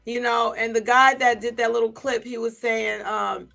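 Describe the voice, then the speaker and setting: A woman's voice: on the high side, level tone, normal speed, vocal fry, pushed and bright, soft background music. Chatty gossiping woman vlogger. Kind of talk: casual commentary to a live chat.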